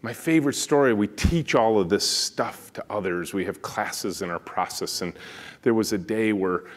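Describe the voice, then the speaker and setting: Deep-voiced man giving an animated keynote. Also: moderate pace. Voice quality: deep booming voice. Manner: animated, storytelling, acts out dialogue. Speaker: keynote speaker and company founder. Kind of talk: conference keynote storytelling. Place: conference stage.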